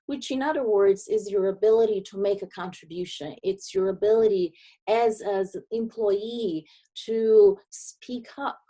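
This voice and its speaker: A woman with a Brazilian accent delivers a presentation as a consultant, earnest and emphatic. Her voice sits in a middle range with a warm, mellow tone. She pauses between phrases to stress her points. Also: mid-range voice. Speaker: diversity and inclusion consultant. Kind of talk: presentation talk.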